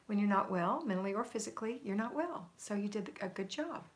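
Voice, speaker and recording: A woman's voice: medium pitch, animated, brisk. A middle-aged woman hosting a homemaking livestream, reading viewer comments aloud and answering them with encouragement.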